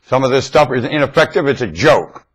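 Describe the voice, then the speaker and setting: A man talking into a webcam in a rambling, blunt monologue, swinging between loud emphatic outbursts and low mutters. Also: expressive, fairly quick, husky. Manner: blunt, confrontational. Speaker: webcam video maker. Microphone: webcam microphone.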